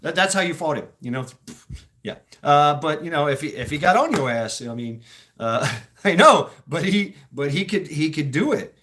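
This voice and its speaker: Male podcast host, middle-aged, casual and profane storyteller, slightly high voice, bursts into squeaky impressions. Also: normal speed, background noise. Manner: animated, laughing, swearing, acts out quotes in high voices.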